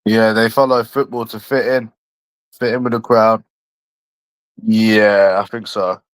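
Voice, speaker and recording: A man's voice: fairly low pitch, flat delivery, measured pace, no room sound. A man from London chatting casually on a livestream, rambling and addressing a viewer by nickname.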